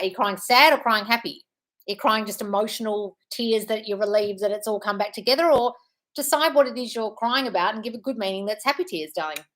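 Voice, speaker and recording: A woman's voice: medium pitch, fairly bright tone. A woman hosting a live Q&A as a manifestation coach. She reads out viewer questions and answers them in a frank, breezy way, calling her listeners "darling". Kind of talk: casual live-stream chat, reading viewer questions.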